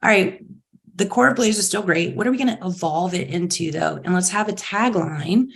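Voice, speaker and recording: A middle-aged woman, a company chief executive, telling stories in an interview with lively enthusiasm and acting out the voices of others. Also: on the low side, moderate pace, creaky. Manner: enthusiastic, acts out quotes in bright voices. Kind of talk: animated interview storytelling.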